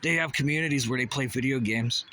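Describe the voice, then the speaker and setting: A male vlogger with a medium-pitched, pushed and bright voice talks fast in a heated conspiracy rant to camera. He swears often and fires off rhetorical questions over slight background noise.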